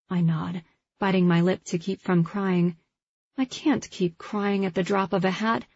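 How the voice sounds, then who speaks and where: A woman reads a first-person novel aloud in a measured, heartfelt way. Her voice is husky and lowish. The recording is dry and slightly dull. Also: steady tone, darkish tone, dry recording. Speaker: audiobook narrator. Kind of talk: first-person scripted narration.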